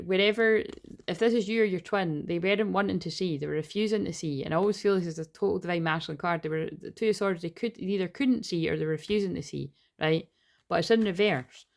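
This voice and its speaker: Chatty woman with a gravelly edge. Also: lowish voice. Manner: rambling, chatty, swears casually. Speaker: tarot reader and energy healer. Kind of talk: casual tarot reading.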